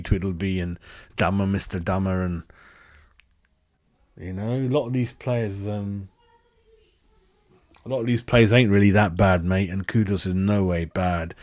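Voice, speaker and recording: A man hosting a football fan channel, reviewing a match in blunt, excitable, heavily sworn chat. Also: on the low side, no echo, studio quality. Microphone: handheld microphone.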